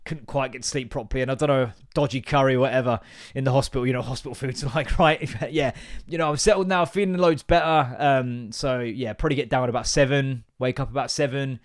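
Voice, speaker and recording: A man's voice: mid-range voice, steady tone, fast, lightly acted. A man putting on a chirpy apologetic newborn. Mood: breezy. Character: cheery newborn baby girl apologizing like an adult.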